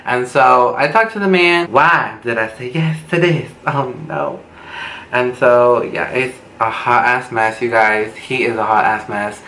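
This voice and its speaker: A young beauty vlogger tells a casual storytime at home, dramatic, gossipy, and profane. His medium-pitched voice is bright and forceful and a little slow. The camera mic picks up a roomy sound with faint background noise.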